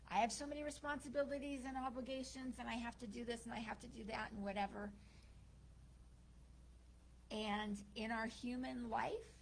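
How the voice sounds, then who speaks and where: A woman minister giving a sermon, telling a story and acting out its characters' lines in a lively way. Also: a little high, vocal fry, slight background noise, rough recording.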